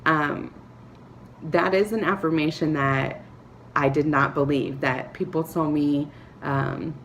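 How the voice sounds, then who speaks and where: A woman talking to camera, giving earnest, encouraging advice with soft laughs and filler words. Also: low voice, slow pace, vocal fry, slight background noise. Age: adult, a parent. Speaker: vlogger. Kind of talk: motivational talk to camera.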